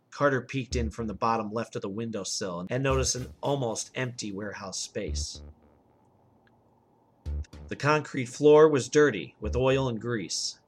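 A man narrating an action story in a steady reading voice. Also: fairly low pitch.

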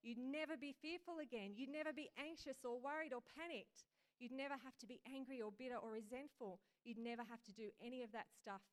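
A woman's voice: on the high side, a little fast, close to an everyday voice. A woman voicing Jesus as a firm, insistent man while reading a dream story aloud in a sermon. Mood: joyful. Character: stern then joyful male Jesus, insistent.

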